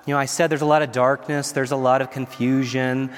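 A man's voice: mid-range voice, little pitch movement, fairly quick, a little hiss or hum. A man in his forties, a priest giving an earnest homily at Mass, often chuckling between phrases. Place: large church. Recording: echoey church with long reverb.

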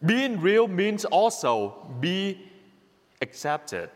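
A man's voice: high-pitched, sing-song, unhurried, a bit bright. A man from Vietnam with a Vietnamese accent, a priest giving a homily in an earnest, repetitive way, laughing at himself now and then. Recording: long reverb of a church hall.

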